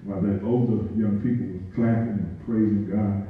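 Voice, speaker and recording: A man's voice: lowish voice, fairly even intonation, moderate pace, a little hiss or hum. A male pastor preaching a folksy, joking sermon to his congregation, laughing often. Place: church sanctuary. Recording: echoey church heard from a distance, dull sound.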